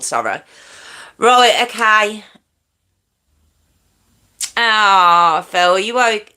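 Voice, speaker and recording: A woman hosting a live chat stream, talking casually to her viewers and answering their comments. Her voice is bright and forward, at a middle pitch that leaps up when she teases. She rambles easily and thanks people by name. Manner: chatty, warm to viewers, quick pitch jumps when teasing. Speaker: true crime livestream host.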